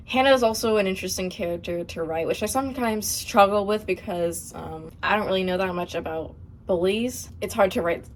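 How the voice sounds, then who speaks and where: Speaking a little fast with few pauses, this young woman hosts her channel's laid-back question-and-answer vlog. Her medium-pitched delivery is chatty, slightly hesitant, and packed with fillers and laughter, over slight background noise.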